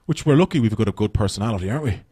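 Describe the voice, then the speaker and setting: A man's voice: fairly low pitch, lively intonation, rapid-fire, dark tone, a little hiss or hum. An Irish man doing live stand-up comedy, swearing freely and rambling into banter with the crowd. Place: comedy venue stage.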